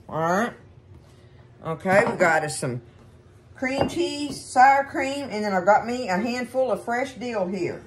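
A woman's voice: medium pitch, slight background noise. A middle-aged woman with a Texan accent, hosting a home cooking show in a folksy, chatty way and talking to viewers as y'all. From Texas. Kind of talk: casual home cooking demonstration.

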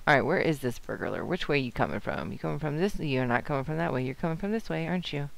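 A young woman giving casual commentary on her game, bantering with the characters as she plays. Her voice sits a little low but swings widely up and down. There is a gravelly fry in her tone. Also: quick pace. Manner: chatty, excitable, talks back to the game. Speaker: let's play host.

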